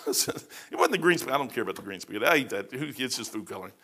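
A man's voice: medium pitch, expressive, racing, bright, forceful tone. A middle-aged man, a pastor, giving a verse-by-verse sermon in a folksy, conversational way with personal stories.

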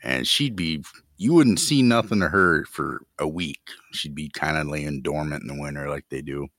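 A man's voice: extremely low pitch, moderate pace, a bit bright, no echo, clean studio sound. A man telling stories in casual, crude banter on a podcast, laid back and drawling.

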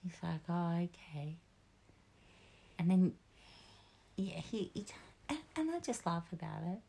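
Middle-aged Australian mother, low-ish husky voice, casual storyteller. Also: sing-song, a little slow, mellow. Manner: storytelling, quoting her husband, laughing often. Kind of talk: casual family chat.

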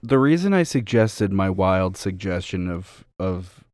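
A young man co-hosting a podcast, rambling loosely and playfully. His voice sits low and is recorded close and dry. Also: very animated, a little slow, a little mellow, no room sound. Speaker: podcast co-host. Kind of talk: casual chat.

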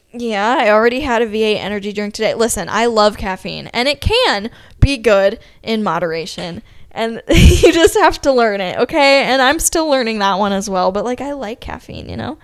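A woman's voice: on the high side, smooth, no room sound, clean studio sound. Chatty young woman podcast host. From Ohio. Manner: chatty, upbeat, many "like" fillers. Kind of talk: casual solo podcast monologue.

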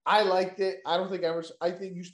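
An excitable, slangy man hosting a casual wrestling recap chat, peppering his talk with "yo" and "dude" and swearing freely. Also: sits high, racing, reverberant. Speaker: podcast host.

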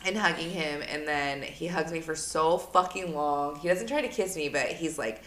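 A young woman in her twenties who co-hosts a podcast, telling a story casually, animated and swearing a lot. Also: low-pitched, moderate pace. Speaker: podcast co-host. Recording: roomy echo.

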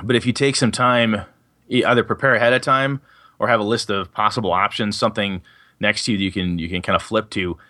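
A man's voice: fairly low pitch, steady tone, a little fast, pushed and bright. A man hosting a casual tabletop gaming podcast, rambling and correcting himself as he talks, with casual swearing. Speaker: podcast host and game master.

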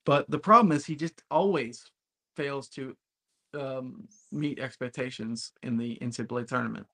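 A man's voice: mid-range voice, normal speed, fairly bright tone. Blunt, emphatic male sports podcaster. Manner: emphatic, blunt, occasionally profane. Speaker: podcast co-host. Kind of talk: casual sports podcast chat.

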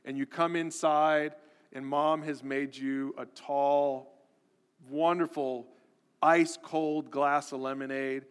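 A man's voice: on the high side, level tone, takes it slowly, clean tone. A man preaching a sermon as a pastor, earnest and repetitive, building emphasis as he goes. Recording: long hall reverb.

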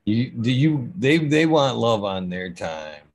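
A man's voice: medium pitch, very animated, slow, husky. An older man telling rambling, profane stories in a casual chat.

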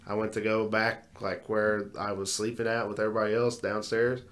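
Male podcast co-host with a lowish voice, loose and profane, acts out his stories. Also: a little fast. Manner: swears a lot, animated storytelling. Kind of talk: casual chat.

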